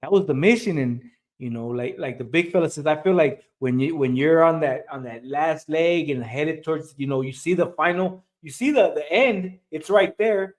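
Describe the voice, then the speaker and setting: A man's voice: on the high side, moderate pace. A man on a sports talk show, frustrated and rambling, full of fillers.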